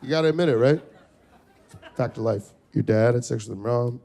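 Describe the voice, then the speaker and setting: A man's voice: medium pitch, brisk, vocal fry, pauses often, warm tone. A man doing a stand-up set in a comedy club, crude and rambling, slipping into goofy voices. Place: comedy club stage before a laughing crowd. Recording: live club recording with crowd and hum.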